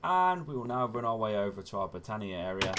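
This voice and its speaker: A man with a low-pitched voice talks through his gameplay in a chatty, relaxed way, explaining each step. He often corrects himself mid-sentence and keeps up an easygoing commentary. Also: quick pace, noisy background. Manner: chatty, self-correcting, often says "wonderful". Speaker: gaming channel host.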